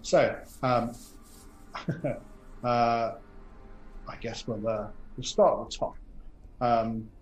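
A man's voice: medium pitch, rough recording. A man running a tabletop game as game master, describing the action with frequent ums and restarts. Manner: halting, many ums and restarts. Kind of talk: narrating a tabletop horror game.

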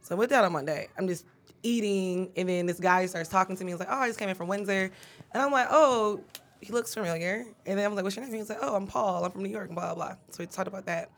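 A woman's voice: mid-range voice, fast talker, creaky. A young woman co-hosting a podcast, telling a story in a laid-back way with slang and fillers. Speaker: podcast co-host. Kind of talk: casual chat.

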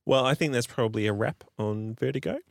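A man's voice: medium pitch, fast, creaky, no echo. A man hosting a podcast, signing off in a loose, rambling, joking way from a recording studio. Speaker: podcast host. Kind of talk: casual podcast sign-off.

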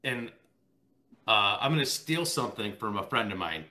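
A man's voice: on the low side, animated, normal speed, sharp tone. A man in his thirties hosting a casual chat in an easygoing way, with frequent fillers like "you know" and "dude.".

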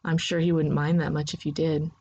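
A woman voicing a calm, blunt woman monk who speaks slowly and plainly. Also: sits low, slightly rough. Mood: calm, wry. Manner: slow, measured and blunt.

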